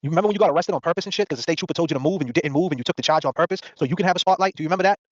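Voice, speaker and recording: A man in his forties hosting a podcast, ranting with confrontational, mocking rapid-fire questions. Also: fairly high pitch, no echo. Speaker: host. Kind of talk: heated podcast rant. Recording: dull dry lo-fi audio.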